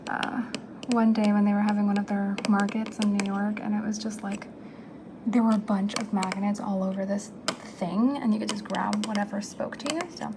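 A young woman in a soft, chatty, giggly whisper, giving an ASMR house tour of her home. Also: mid-range voice, normal speed. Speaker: ASMR creator. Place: home, indoors. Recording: steady background hiss with clicks.

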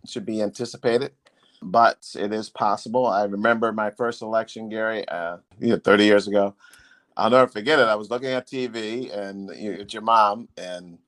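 A man's voice: on the low side, fairly bright tone. A man in his sixties, a former congressman, telling stories to his son in a casual, emphatic way and repeating phrases for effect. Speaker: former congressman hosting a podcast.

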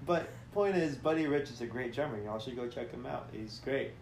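A man chats in a relaxed, halting way, circling back on his words with plenty of fillers. His voice bounces around an echoey room, with faint hiss underneath. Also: medium pitch, vocal fry. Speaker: podcast co-host, drummer. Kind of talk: casual chat.

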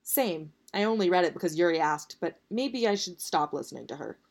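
A flustered, blunt young woman at college, voiced by a woman reading aloud, a bit whiny in a storybook telling. The voice sits slightly low. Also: lively intonation, fairly quick, darkish tone.

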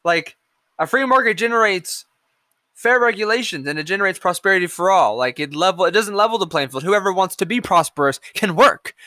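A man's voice: high-pitched, expressive, a little fast, pushed and bright, dry recording. A man hosting a podcast, ranting casually about politics, sarcastic and profane, drifting off into hummed filler between stories. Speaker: podcast host.

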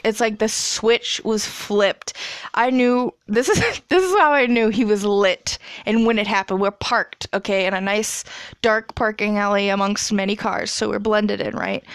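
A woman's voice: medium pitch, creaky, clear, resonant tone, no echo, studio quality. A woman in her twenties casually telling a story, chatty and profane, laughing as she goes. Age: 20s.

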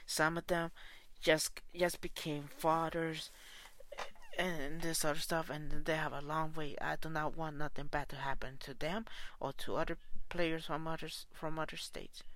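A man's voice: fairly high pitch, level tone, unhurried, a bit bright. A man who coaches soccer, delivering an angry, profane and repetitive spoken rant.

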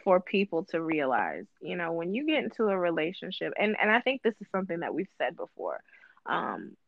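Woman guest co-host, casual podcast chat, emphatic, gravelly, dry lo-fi sound. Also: fairly low pitch, sing-song, a little fast, no room sound. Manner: emphatic, repeats phrases for stress.

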